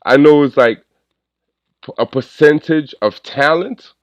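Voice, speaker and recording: A man hosting a podcast in a casual chat, relaxed and quick to laugh. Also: fairly high pitch, dry recording. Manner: laid-back, laughs often, drawn-out phrases. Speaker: podcast host.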